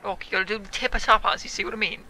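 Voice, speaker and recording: A young man, a gaming YouTuber, giving loud, excitable commentary on his own play, yelling, swearing and laughing. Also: high voice, very fast, slight background noise.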